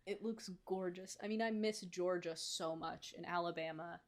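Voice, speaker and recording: A woman co-hosting a casual podcast, chatty and quick to laugh, thinking aloud as she browses. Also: on the low side, fairly even intonation. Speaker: podcast co-host.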